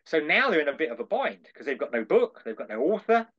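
An older man, a podcast guest, tells a long anecdote in a slightly high voice that leaps around as he imitates the other people involved. His delivery is lively and theatrical. The call audio is dull and lo-fi. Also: fast. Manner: animated, acts out dialogue in voices. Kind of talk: anecdotal storytelling.

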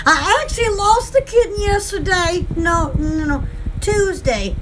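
Very high-voiced giggly rambling woman. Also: animated, a little slow, background noise. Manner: rambling, giggly, many fillers; folksy rural slang. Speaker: channel host and small shop owner. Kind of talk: casual livestream chat with viewers.

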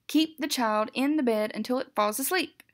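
A woman doing a squeaky, bouncy orange monster girl. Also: moderate pace, natural voice. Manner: squeaky, excited.

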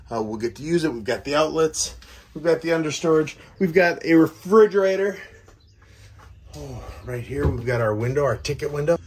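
A man walking around his farm and new food truck, chatting excitedly and then muttering quietly to himself. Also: medium pitch, a little hiss or hum. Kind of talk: casual walk-around vlog. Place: outdoors on a farm with animals.

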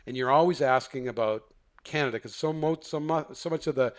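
A man's voice: mid-range voice, brisk. A middle-aged man, a counselor and podcast guest, telling a story conversationally, acting out quoted dialogue with many restarts and fillers. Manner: animated, acts out quoted dialogue.

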